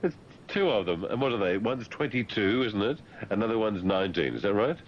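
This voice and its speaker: A sardonic man hosts talk radio, teasing his guests with mock condescension. His voice is very deep, yet it swings widely in lively up-and-down pitch. The broadcast sounds slightly muffled, with faint noise underneath. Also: a little fast. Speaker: radio host.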